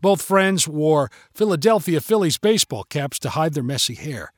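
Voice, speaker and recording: A man reads a story aloud in a steady, measured way, his voice sitting a little high for a man. He is on a close mic in a dry, dead space with no room sound. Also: no echo. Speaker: narrator. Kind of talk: storybook narration.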